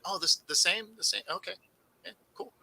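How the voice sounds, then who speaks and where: A man co-hosting a sports talk show, relaxed and teasing, with easy laughter and hesitant restarts. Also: sits high, brisk, gravelly, husky, poor audio. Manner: relaxed, sarcastic, laughs easily. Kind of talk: casual sports debate.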